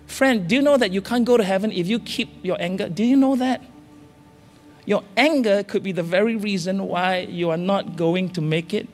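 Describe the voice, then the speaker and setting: A man from Singapore, a senior pastor preaching an impassioned sermon in a large church hall, pressing his listeners with urgent, repeated calls. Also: sits high. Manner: urgent, repetitive exhortations with rising calls. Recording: reverberant church hall with faint music.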